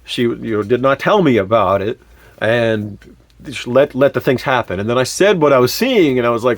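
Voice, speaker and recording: A man telling a personal story in a candid, animated way, with frequent fillers and sudden swear words. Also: medium pitch, moderate pace, dry recording. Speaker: vlogger.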